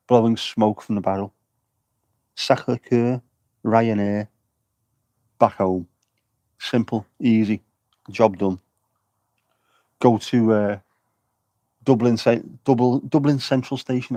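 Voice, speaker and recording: Jokey low-voiced man chatting. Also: steady tone, measured pace, long pauses, mellow, no echo. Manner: jokey, rambling banter with chat. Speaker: vlogger livestreaming at an air show. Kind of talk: casual livestream chat. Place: outdoors at an air show.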